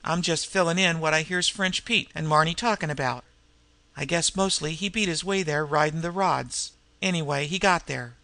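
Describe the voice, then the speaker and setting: A man's voice: a little high, moderate pace, gravelly, pushed and bright, no echo. A man voicing a complacent street crook who talks in airy, eager slang in a storybook reading. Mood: breezy.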